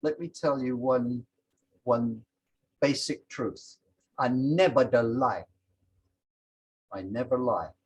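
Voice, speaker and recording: The devil, male, smug and calm in a told folk tale, read by a man, slow and unhurried. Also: mid-range voice, slightly rough, lo-fi sound.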